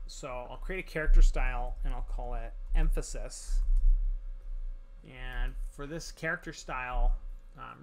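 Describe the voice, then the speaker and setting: A man talking through a software tutorial as he works, relaxed, with many pauses and fillers. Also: medium pitch, gravelly, slight background noise. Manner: relaxed, many ums and restarts while working. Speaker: tutorial instructor. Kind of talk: screen-recorded software tutorial.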